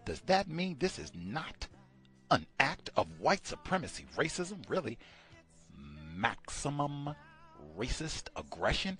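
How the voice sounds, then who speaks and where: A man's voice: on the high side, big pitch swings, slow pace, pushed and bright, soft background music. A man hosting a radio study session, talking emphatically and asking pointed rhetorical questions. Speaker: radio show host.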